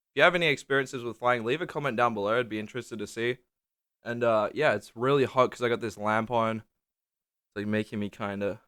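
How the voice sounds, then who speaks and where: A man's voice: lowish voice, fairly bright tone, clean tone, no room sound, studio quality. A young man telling rambling, swear-laden travel stories to camera in a casual vlog, leaning hard on "like". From Australia. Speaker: vlogger. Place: small indoor room under a lamp.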